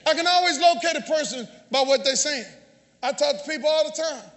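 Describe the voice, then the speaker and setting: A man preaching a sermon as pastor, calling out to the congregation and often shouting. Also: extremely high pitch, a little fast. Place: church sanctuary. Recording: long church hall reverb.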